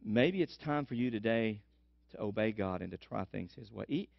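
Animated storytelling pastor, man. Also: lowish voice, normal speed, gravelly, no room sound. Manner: animated storytelling, emphatic repetition. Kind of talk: sermon. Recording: dull lo-fi sermon recording.

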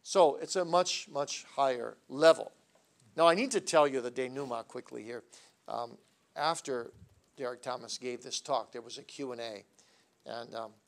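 A man lecturing at a seminary, telling stories animatedly and swinging between soft asides and loud, emphatic points. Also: mid-range voice, vocal fry. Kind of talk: classroom lecture.

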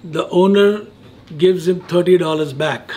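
A man in his sixties posing riddles in casual chat, patient and quick to laugh. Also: high-pitched, darkish tone. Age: 60s. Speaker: riddle asker. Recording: noisy background.

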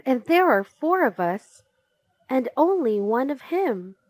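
A woman voicing a bossy boy who leads a kids' club, gruff and commanding, read slowly in a storybook reading. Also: sits high, big pitch swings, a little mellow, dry recording, voice pushed up, full character voice.

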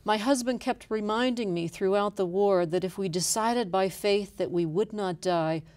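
A woman interviewing her guest on the radio, speaking in a measured way and reading passages aloud. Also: medium pitch, darkish tone. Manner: measured, reads quotes aloud.

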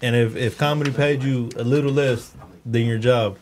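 A man's voice: mid-range voice, steady tone, moderate pace, a little mellow, slight background noise. A man, hosting a podcast with profane, laughing banter. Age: 40s. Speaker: podcast host. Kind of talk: casual podcast chat.

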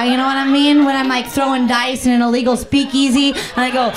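Brash high-voiced woman doing stand-up. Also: brisk, few pauses, music in the background. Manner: brash, silly, crude, riffs off the crowd with squeals and sound effects. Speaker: stand-up comedian. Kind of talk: improvised stand-up. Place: comedy club stage.

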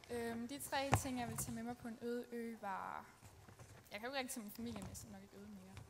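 A young woman pageant contestant answers hesitantly, filling pauses with ums. Her voice is fairly high. Clear background noise from the live stage runs under her. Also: fairly even intonation. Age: young adult. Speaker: pageant contestant, nursing student.

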